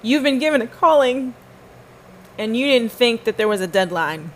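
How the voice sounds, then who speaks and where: A woman's voice: on the high side, lively intonation, normal speed, slight background noise, rough recording. A woman hosting a podcast, giving a fervent, emphatic spoken testimony and repeating phrases for stress. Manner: talks to listeners and to God in turn. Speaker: podcast host.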